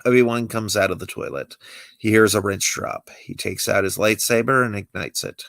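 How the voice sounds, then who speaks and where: Gravel-voiced man reading stage directions. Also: fairly low pitch, moderate pace, dry recording. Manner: lively, uneven reading with slips. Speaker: script reader.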